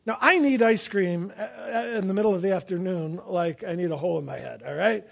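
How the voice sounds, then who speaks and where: A man preaching a sermon, telling stories with self-deprecating humor and swinging between loud emphasis and quiet asides. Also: sits high, brisk, creaky. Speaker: pastor.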